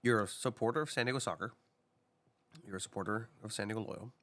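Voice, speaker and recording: Podcast co-host, male, bright voice, pushy and animated. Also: lowish voice, fast. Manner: animated, urging, repeats himself. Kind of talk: casual podcast chat.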